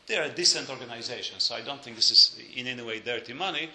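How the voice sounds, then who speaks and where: Bright-voiced man lecturing in an echoey room. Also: mid-range voice, quick pace. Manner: hesitant with many fillers, dry joking asides.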